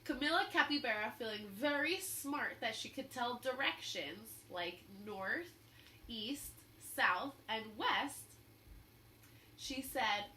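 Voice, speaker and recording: Lively, bright-voiced woman reading aloud. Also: on the high side, takes it slowly. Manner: gentle, explains the story to children. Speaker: storybook reader. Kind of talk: children's read-aloud. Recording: roomy echo, faint hum.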